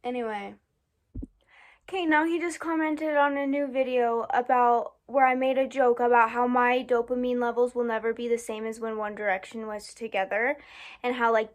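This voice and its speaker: A young woman talking casually to her camera in a vlog, rambling and musing, sometimes exasperated. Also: a little high. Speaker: vlogger.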